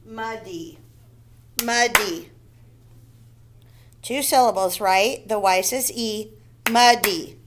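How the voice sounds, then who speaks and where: A woman's voice: mid-range voice, unhurried, background noise. A woman teaching a recorded phonics lesson to first graders, spelling words out letter by letter and checking in with "okay?" and "right?".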